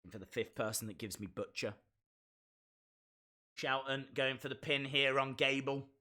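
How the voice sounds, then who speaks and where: A man hosting a live stream, reacting to a wrestling show in excitable, chatty, self-mocking commentary. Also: medium pitch, moderate pace.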